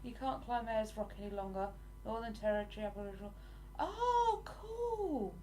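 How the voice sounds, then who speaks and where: A woman's voice: a little high, animated, normal speed, warm tone, slight background noise. An English woman in her forties, chatting casually with viewers on a livestream and answering their comments. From England. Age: 40s. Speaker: livestream host.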